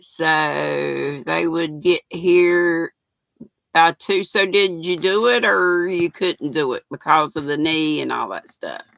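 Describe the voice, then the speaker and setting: An older woman hosts a knitting livestream, chatting folksily, reading comments and greeting viewers by name. Her low voice is creaky and a bit bright, and she takes things slowly, on a dry, low-quality recording.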